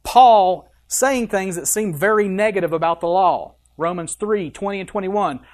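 A pastor preaching a sermon, reading scripture aloud with emphasis and breaking off for quick asides. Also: medium pitch.

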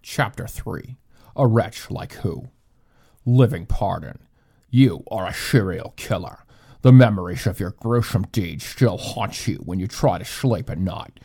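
A man's voice: low-pitched, animated, vocal fry, warm tone, breathy edge, exaggerated voice. A man narrating a dramatic audiobook chapter while putting on a Sean Connery-style impression. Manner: slow, dramatic audiobook reading. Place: empty room.

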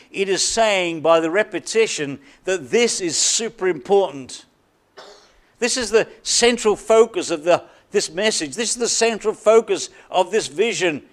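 High-voiced man preaching a sermon. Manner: emphatic preaching with deliberate repetition and dramatic drops in volume. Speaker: pastor.

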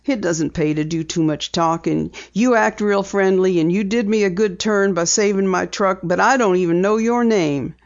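A woman reading aloud gives voice to a frightened farm wife, tense and guarded, her tone pitched a touch higher and pressing. The sound is dull and lo-fi, like an old audiobook transfer. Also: normal speed, few pauses, darkish tone, lightly acted. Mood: anxious. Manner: pleading, tense.

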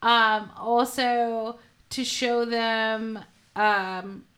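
A woman's voice: fairly high pitch, fairly even intonation, drawn-out words, fairly bright tone. A woman in casual chat at home, playful and mock-preachy, then arguing earnestly. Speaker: family member chatting at home.

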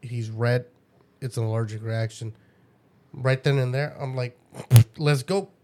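A man's voice: medium pitch, steady tone, a little slow, a little mellow. A man co-hosting a casual podcast for dads, telling profane stories and acting out quotes. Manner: profane storytelling, acts out quotes. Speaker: podcast co-host; father.

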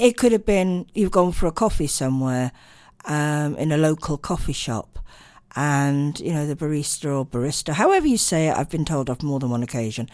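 A woman's voice: low voice, a little mellow, no room sound, studio quality. Rambling, tired woman radio host. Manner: rambling, chatty, with many ums. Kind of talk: late-night radio chat.

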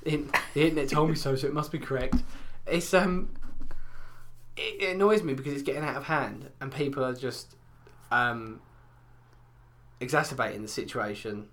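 A man's voice: mid-range voice, normal speed, a bit bright, a little hiss or hum. A man, talking in an easy, rambling chat. He swears a lot and winds himself up, now and then mimicking others in put-on voices. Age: 20s. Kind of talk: casual chat.

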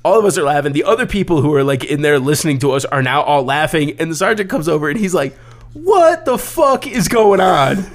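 A young man telling a story on a casual podcast, swearing freely and acting out what people said in loud, raised voices. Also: quick pace, hardly any pauses. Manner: profane, animated, acts out quotes in loud high voices. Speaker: podcast co-host.

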